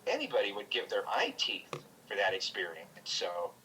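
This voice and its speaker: A man's voice: fairly low pitch, wildly swooping pitch, bright, forceful tone, slight background noise, poor audio. A man, a guest comedian, talking candidly in casual chat, swearing freely and restarting his sentences often. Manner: candid, profane, halting with many restarts. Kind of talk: casual chat over a call.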